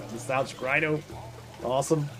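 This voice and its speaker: A man's voice: mid-range voice, steady tone, measured pace. A Dutch man streaming a video game, chatting casually with his viewers and laughing often. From Netherlands. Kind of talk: casual live-stream chat while playing. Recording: game music behind.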